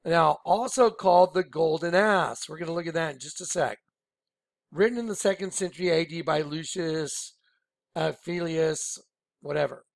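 Excited high-voiced man teaching scripture. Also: normal speed, gravelly, dry recording. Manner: excited, rambling, keeps saying "watch this". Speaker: Bible teacher. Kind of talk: informal screen-share Bible study.

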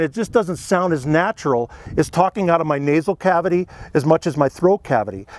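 A man's voice: fairly high pitch, a little mellow, no room sound. Easygoing man teaching elk calling. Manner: easygoing, conversational, folksy. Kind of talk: instructional demonstration.

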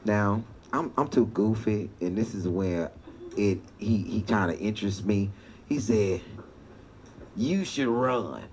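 A man doing stand-up comedy, telling a long story with animated delivery and laughter. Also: fairly low pitch, a little slow. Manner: animated, laughing through punchlines. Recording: noisy stand-up clip played back.

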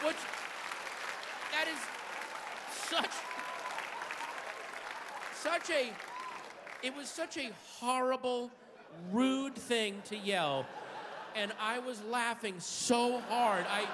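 Stand-up guy on stage, high bright voice, yells out of nowhere, big echoey hall w/ audience. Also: noisy background. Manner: animated storytelling, sudden shouted outbursts. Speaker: stand-up comedian. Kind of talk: stand-up comedy routine. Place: large theater stage with live audience. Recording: live hall recording with crowd.

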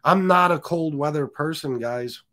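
A man's voice: a little high, measured pace, fairly bright tone. A man hosting a casual livestream, joking, cursing, and reading viewer comments aloud. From US Northeast. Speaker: livestream host.

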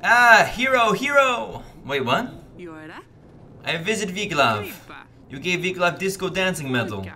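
A man voicing a secretive, hopeful young woman from the resistance, speaking in halting broken English for a video game. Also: medium pitch, very animated, bright, forceful tone. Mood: conspiratorial.

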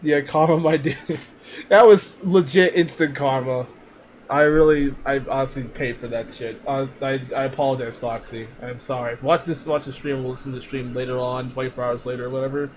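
A man's voice: medium pitch, fairly even intonation, brisk, a little hiss or hum. A man streaming, reacting to old clips in loose casual chat, laughing a lot and swearing freely.

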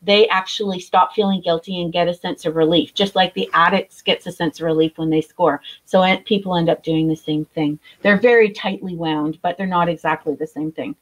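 A middle-aged woman, a guest author in recovery, telling her story candidly, blunt and animated, swearing freely. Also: on the low side, brisk, few pauses, rough recording.

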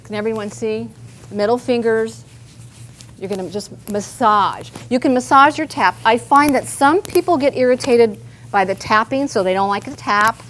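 A woman's voice: fairly high pitch, moderate pace, a bit bright, slight background noise. A woman therapist leading a live group workshop, chatty and guiding people through simple movements. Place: meeting room with a group.

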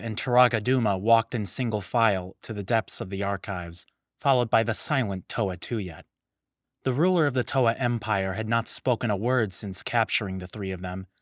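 Brief: male narrator, lowish voice, steady audiobook read, dead-dry close mic. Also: no room sound.

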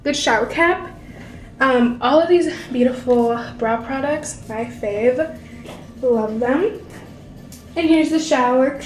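Gushing young woman vlogger, high voice. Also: a little slow, soft background music. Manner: gushing, effusive, many exclamations. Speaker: beauty vlogger. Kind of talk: excited vlog unboxing.

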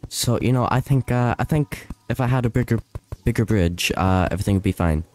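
A man's voice: medium pitch, fairly quick, a little mellow, soft background music. A man streaming a video game live, chatting loosely with viewers, often panicking and laughing. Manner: panicky, laughing, rambling to chat.

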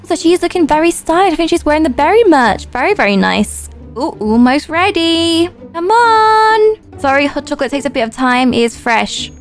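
A young woman, a YouTuber chatting excitedly through a roleplay game, with gasps and playful asides. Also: sits high, quick pace, few pauses, faint music behind. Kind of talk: roleplay gameplay commentary.

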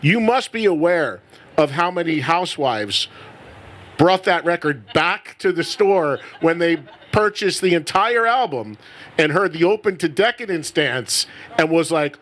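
Male radio interviewer, high voice, eager long questions. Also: expressive, a little slow, a bit bright. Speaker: radio show host. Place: radio studio.

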